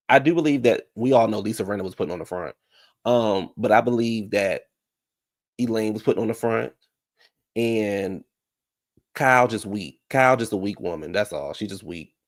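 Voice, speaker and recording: A man's voice: fairly low pitch, moderate pace, long pauses. A man giving a casual, blunt recap of a reality TV episode, chatty and full of asides. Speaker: reality TV commentator.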